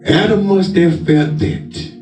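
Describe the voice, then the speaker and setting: A man preaching a sermon in a loud, forceful, commanding manner. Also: fairly high pitch, animated, slow. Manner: emphatic, loud, commanding, says he talks with force. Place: church. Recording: echoey church with organ music behind.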